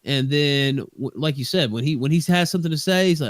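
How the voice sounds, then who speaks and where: A man's voice: medium pitch, lively intonation, fairly quick, hardly any pauses, no room sound. A man telling a story as a guest on an online call show, rambling and hedging with many restarts. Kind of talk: casual stream chat.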